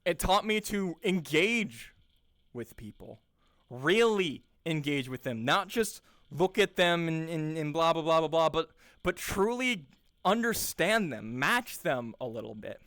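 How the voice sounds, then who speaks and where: A man's voice: fairly high pitch, very animated, a little slow, a bit bright, no echo, studio quality. A young man, an improv teacher, talking casually and earnestly with lots of restarts and repeated words. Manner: earnest, enthusiastic, repeats words while searching. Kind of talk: casual rambling monologue.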